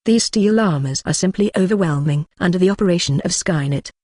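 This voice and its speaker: A synthetic audiobook narrator reads in a flat, steady, evenly paced way. The voice sits at a middle pitch and sounds dry and close to the mic, with no room around it. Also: a little fast, dry recording. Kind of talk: scripted narration.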